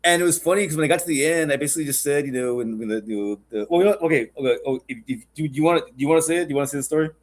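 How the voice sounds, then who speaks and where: A man's voice: a little high, very fast, hardly any pauses. Rambling, profane podcast host, a man. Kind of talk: casual podcast chat.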